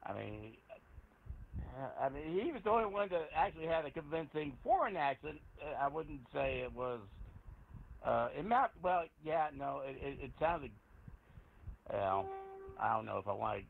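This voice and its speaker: A hesitant man on a ham radio check-in gropes for words and keeps restarting. His voice is gravelly with lots of fry, and it arrives through a thin, phone-like radio channel. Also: mid-range voice. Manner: hesitant, many fillers and restarts. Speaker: amateur radio net participant. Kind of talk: casual on-air discussion. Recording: narrow amateur radio transmission.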